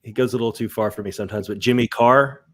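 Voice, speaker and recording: A man's voice: medium pitch, steady tone, fast talker. A man co-hosting a podcast in casual chat, enthusiastic and jokey, teasing the others. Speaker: podcast co-host.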